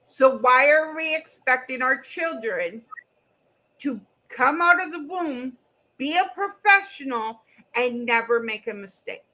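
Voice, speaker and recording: A woman's voice: high voice, expressive, a little slow, sharp tone, rough recording. A middle-aged woman hosting a casual livestream chat, blunt and goofy, swearing freely. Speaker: streamer and co-host.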